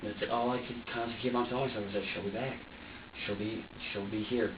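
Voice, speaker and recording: A man's voice: fairly low pitch, fairly even intonation, fast talker. A man being questioned by police, rambling anxiously, repeating himself and restarting his sentences. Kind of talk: police interrogation statement. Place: police interview room. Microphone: room recorder, far from the mic. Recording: roomy, distant, dull lo-fi recording with faint hiss.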